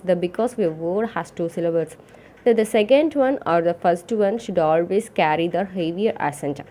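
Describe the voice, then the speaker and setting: Woman reading a phonetics lesson, mellow. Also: mid-range voice. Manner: reads from a text, steady and measured, with some misreadings. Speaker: lecturer. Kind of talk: read-aloud lecture on English phonetics.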